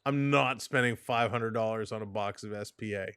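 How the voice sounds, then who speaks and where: Casual male streamer, exasperated and grumbling, smooth voice, close dry mic. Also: fairly low pitch, moderate pace, fairly bright tone, no echo. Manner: frustrated, exasperated, talks to himself and chat. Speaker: live stream host. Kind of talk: casual live-stream chat.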